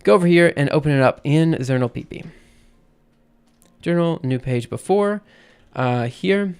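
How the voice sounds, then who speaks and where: A man explaining things casually on a livestream, thinking aloud with frequent pauses and restarts. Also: on the high side, a little mellow, clean tone. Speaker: streamer.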